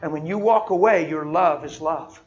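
A male preacher with a fairly high voice and moderate pace delivers a sermon in a folksy, storytelling style, acting out everyday conversations. The recording sounds dull and lo-fi.

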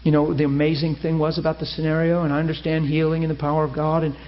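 A man preaching a sermon, telling a story with lively acted-out quotes. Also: on the high side, quick pace. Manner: animated, acts out quoted voices. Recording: muffled lo-fi sermon recording.

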